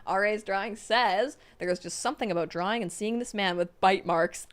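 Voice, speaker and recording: Excitable woman streamer, gushing over fan messages, laughs a lot, casual. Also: mid-range voice, a little fast. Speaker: streamer reading donations and chat. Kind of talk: casual livestream chat.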